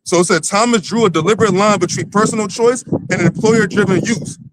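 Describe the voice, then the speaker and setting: High-voiced man teaching scripture loosely. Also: a little fast, noisy background. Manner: loose and profane, lots of fillers and restarts. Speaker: lead teacher of a religious camp. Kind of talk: livestreamed street-style Bible teaching.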